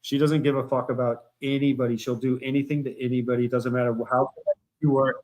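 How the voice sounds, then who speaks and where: A man's voice: medium pitch, little pitch movement, quick pace, low-quality recording. A man on a livestream, ranting angrily and bitterly, repeating himself as he talks. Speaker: streamer. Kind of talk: angry livestream rant.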